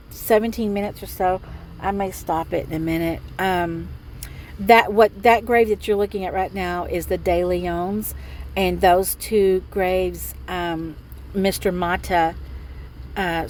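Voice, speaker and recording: A woman's voice: on the low side, darkish tone, a little hiss or hum, low-quality recording. Chatty woman rambling casually. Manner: chatty and rambling, with many fillers. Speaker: vlogger. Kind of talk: casual vlog narration. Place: inside a parked truck.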